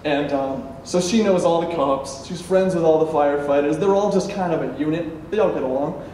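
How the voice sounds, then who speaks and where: A man performing a true story live on stage, animated, acting out the other people's lines and laughing as he tells it. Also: a little high, fairly quick. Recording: echoey room, mic at a distance, faint background noise.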